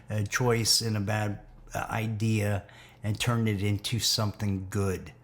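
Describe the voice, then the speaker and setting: A man talking in a rambling spiritual monologue, laughing now and then and sometimes dropping to a whisper. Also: mid-range voice. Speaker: video host.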